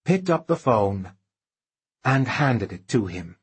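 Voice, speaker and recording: A man reads an audiobook in a measured, expressive way, slow and deliberate. His pitch moves a lot and his voice has a husky grain. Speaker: audiobook narrator. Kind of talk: scripted narration.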